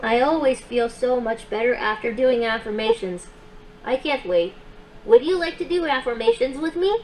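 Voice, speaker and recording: A woman's voice: a little high, normal speed, darkish tone, soft background music, natural voice, rough recording. A woman voicing a cheery kids' robot. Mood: cheerful. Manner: upbeat, encouraging, playful. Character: cheerful small companion robot for kids. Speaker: children's robot companion. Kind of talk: game and guided affirmations for a child.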